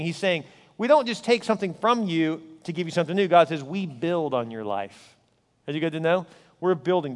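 Man, pastor, sermon, emphatic, loud urging and quiet asides, long hall reverb. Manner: emphatic, swings between loud urging and low intimate asides.

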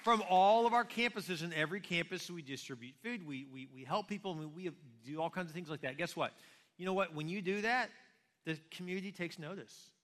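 His voice sits high, brisk and a bit bright as he preaches. The pastor keeps the sermon conversational, asking rhetorical question after rhetorical question, and the sound echoes with a big hall's long reverb.

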